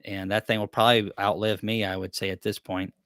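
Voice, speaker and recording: A man's voice: on the low side, flat delivery, brisk, a bit bright, dry recording. A man hosting a live-stream question-and-answer chat, talking in a rambling, easygoing, self-deprecating way. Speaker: beekeeping channel host.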